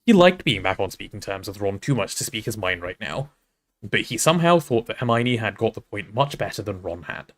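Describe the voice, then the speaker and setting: Animated streamer, lively pitch. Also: male voice, fairly quick. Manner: animated, swears casually. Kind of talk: reading a novel aloud and chatting on stream.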